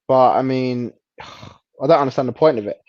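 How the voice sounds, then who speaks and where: A man chatting casually about football as a co-host, relaxed and hesitant, often laughing. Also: medium pitch, normal speed, no room sound, lo-fi sound.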